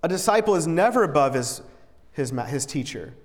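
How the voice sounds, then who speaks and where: A man's voice: fairly high pitch, big pitch swings, brisk. Earnest preacher man in a reverberant hall. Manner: earnest and conversational, often repeats words and restarts. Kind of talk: sermon. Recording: long reverb in a large hall.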